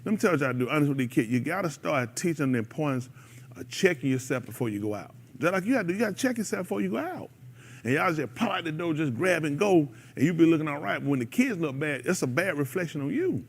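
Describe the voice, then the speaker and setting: Guy in his 30s, high lively voice, preachy hosting, keeps swinging up and down. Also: fast talker, breathy edge. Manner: animated, exhorting, breaks into laughter and mimicry. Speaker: radio show host. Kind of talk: casual preaching talk to a live group.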